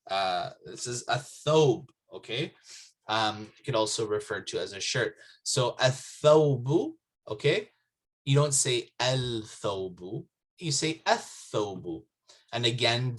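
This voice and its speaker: A male teacher walks his class through Arabic pronunciation at an unhurried pace. He repeats each word carefully and keeps pausing to check in with his learners. His voice sits at an ordinary middle pitch. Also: fairly bright tone. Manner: patient, repeats words and checks understanding with "okay?". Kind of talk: slow classroom explanation. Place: mosque classroom.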